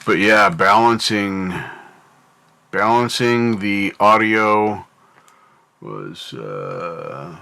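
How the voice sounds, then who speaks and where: A man's voice: on the low side, lively intonation, drawn-out words, gravelly, long pauses, pushed and bright. A North American man hosting a livestream, rambling casually and thinking aloud while he answers his chat. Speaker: livestream host.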